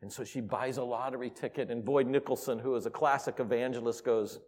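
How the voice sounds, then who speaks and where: A man preaching a sermon in a church, swinging from quiet asides to loud exclamations. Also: medium pitch, fairly even intonation, a little fast, hardly any pauses, slightly rough. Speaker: pastor. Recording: reverberant hall.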